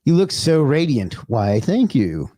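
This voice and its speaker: A man's voice: mid-range voice, big pitch swings, unhurried, dark tone, no room sound. A man hosting a casual livestream, greeting viewers by name and chatting loosely, with the odd curse. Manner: loose and chatty, swears, talks to himself. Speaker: livestream host.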